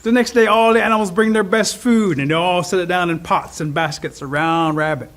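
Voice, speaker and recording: Male storyteller, high voice, animated oral telling of a folk tale. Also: a little fast. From Cherokee Nation. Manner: animated, expressive.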